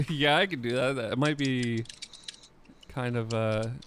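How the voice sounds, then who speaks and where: A man co-hosting a casual podcast, dropping dry, deadpan jokes. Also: mid-range voice, takes it slowly, a little hiss or hum. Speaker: podcast co-host. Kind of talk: casual live-streamed podcast chat.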